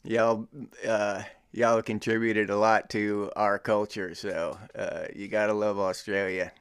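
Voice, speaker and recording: A man's voice: on the low side, level tone, measured pace, smooth, dry recording. A middle-aged American man hosting his own show, teasing and joking in casual commentary with frequent chuckles. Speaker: podcast host.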